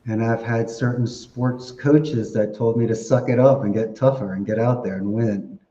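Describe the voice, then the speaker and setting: A man answering podcast questions in a chatty, animated way, laughing often as he tells stories. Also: mid-range voice, normal speed, a little hiss or hum. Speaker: podcast guest. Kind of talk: casual interview answers. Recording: roomy, dull lo-fi podcast audio.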